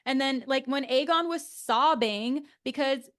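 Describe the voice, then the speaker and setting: Young female co-host, higher register, lively gossipy delivery with lots of "like". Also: unhurried. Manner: animated, frequent "like" fillers, laughs often. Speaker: podcast co-host. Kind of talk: casual chat recapping a TV show.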